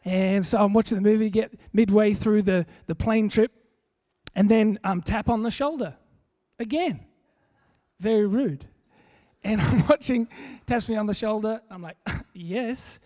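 A man preaching a sermon, telling a funny story in a relaxed, conversational way. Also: sits high, measured pace. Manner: conversational, humorous, animated storytelling. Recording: long hall reverb.

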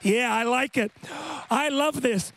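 A man preaching a sermon at a church service, impassioned and building to shouts. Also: very high voice, takes it slowly, dry recording. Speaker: pastor. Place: church service with worship band. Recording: music playing behind.

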